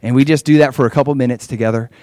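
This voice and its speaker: A male pastor speaking earnestly and conversationally, at an ordinary middle pitch. He leads his listeners in prayer, and his voice is dry and close with no room sound. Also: fairly even intonation, racing, a little mellow, no echo. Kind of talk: sermon with guided prayer.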